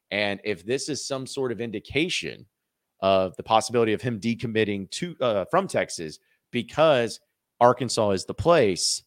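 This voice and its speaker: A man's voice: on the low side, no echo, clean studio sound. A man hosting a college sports podcast, talking casually and animatedly with frequent restarts and asides. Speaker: podcast host.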